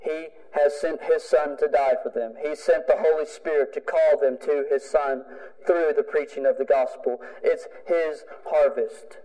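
Male pastor, emphatic sermon delivery with repeated lines, slightly high, mellow tone, long reverb. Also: steady tone, a little slow. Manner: emphatic preaching with repeated phrases.

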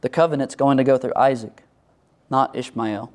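A middle-aged male pastor preaching a sermon, animated, acting out the voices of biblical figures and church members. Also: medium pitch, normal speed.

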